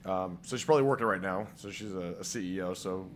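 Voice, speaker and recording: Very low-voiced hesitant audience man. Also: quick pace, slight background noise. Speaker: audience member. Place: conference hall with audience. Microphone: passed-around catch box mic.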